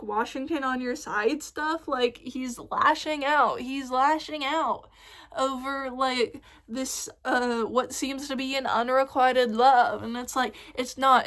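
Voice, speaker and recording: A young woman ranting excitedly in a casual fan vlog, rambling with lots of fillers and swearing. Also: high-pitched. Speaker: vlogger.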